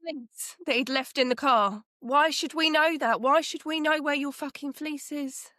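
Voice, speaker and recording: A woman's voice: sits high, moderate pace, bright, forceful tone. A woman co-hosting a casual book chat, laughing often and trailing off mid-thought. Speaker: podcast co-host.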